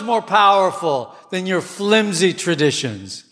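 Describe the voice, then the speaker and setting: A man preaching a sermon with passion, his voice climbing to near shouts at times. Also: high-pitched, lively intonation, slow, a faint crowd. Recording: long hall reverb.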